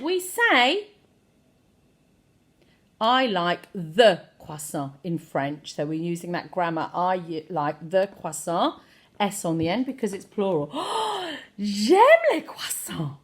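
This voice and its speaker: Lively woman teaching French phrases. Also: fairly low pitch, measured pace. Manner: lively, expressive, playful overacting of phrases. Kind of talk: online language lesson.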